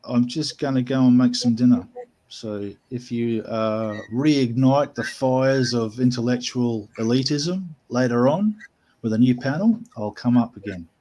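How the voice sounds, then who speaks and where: A man's voice: medium pitch, measured pace, mellow. A man from New Zealand, a guest on a live chat panel, talking in a dry, polite, wry way. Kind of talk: casual chat.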